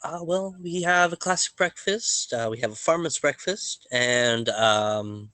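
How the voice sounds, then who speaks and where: Man doing a nervous, polite tavern waitress, pushed up high, halting. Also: expressive, pushed and bright, clean tone, no room sound. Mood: helpful.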